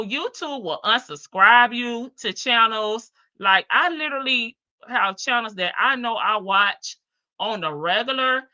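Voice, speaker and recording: A Southern woman hosts a live stream in a relaxed, talkative way, drawling out her phrases as she answers viewers. Her voice is bright and clear, with a medium pitch for a woman. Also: muffled recording. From American South. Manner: chatty, animated, drawn-out Southern phrasing. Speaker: livestream host. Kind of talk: casual live-stream chat reading comments.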